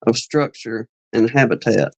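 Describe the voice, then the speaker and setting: A man's voice: medium pitch, a little mellow, no room sound, low-quality recording. A man hosting a live chat, reading an old beekeeping text aloud, tripping over words and adding casual asides. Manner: reads slowly, stumbles on words and adds asides.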